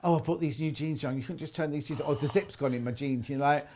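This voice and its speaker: A man's voice: on the high side, fast, darkish tone, slight background noise. A man from the north-west of England hosting live sewing sales on a TV shopping channel, chatty and jokey. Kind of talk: live TV selling and chat. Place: TV studio.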